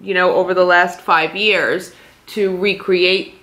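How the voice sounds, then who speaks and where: A woman from Staten Island, a yarn shop owner, talks in a bright, clear tone. She tells her stories with animation and frequent halting restarts in a casual chat. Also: fairly low pitch, fairly even intonation. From Staten Island, New York.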